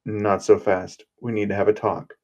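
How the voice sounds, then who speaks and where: A man's voice: lowish voice, level tone, moderate pace, a little mellow, highs cut off, lightly acted. A man voicing a stern, sarcastic aunt confronting her nephew.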